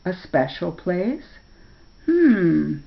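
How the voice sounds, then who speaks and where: A woman's voice: fairly low pitch, sing-song, very slow, vocal fry, exaggerated voice. An older woman voicing a lazy, vain, toothy male forest beast who talks in a languid, lordly way. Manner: languid, self-satisfied, lordly. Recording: dull lo-fi recording.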